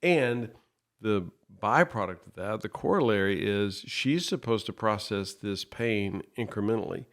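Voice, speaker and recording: A man co-hosting a podcast, explaining his thoughts in a thoughtful, measured way. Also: on the low side, expressive, a bit bright. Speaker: podcast co-host. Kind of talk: reflective podcast conversation.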